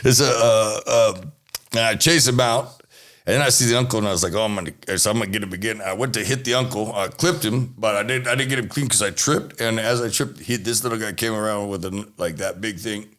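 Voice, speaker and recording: Very deep-voiced man telling a rambling story. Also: a little fast, a bit bright. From Texas. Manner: rambling, restarts and swears. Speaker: interview guest. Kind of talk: casual storytelling interview.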